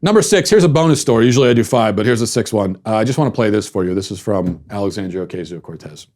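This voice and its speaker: A man's voice: fairly low pitch, animated, fast, a little mellow. A man hosting a commentary podcast, talking in a wry, sarcastic monologue with frequent restarts. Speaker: podcast host.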